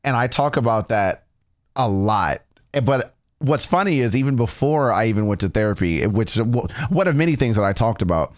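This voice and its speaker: A man's voice: mid-range voice, lively intonation, normal speed, no echo, studio quality. A young man hosting a reaction video, telling a personal story in a candid, casual way, swearing often and restarting sentences.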